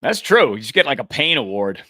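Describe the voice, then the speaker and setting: A man's voice: mid-range voice, big pitch swings, brisk, sharp tone, no room sound, studio quality. A man in his forties co-hosting a casual show, telling a story and acting out the quotes, laughing easily. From Arizona. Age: 40s. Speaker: podcast co-host.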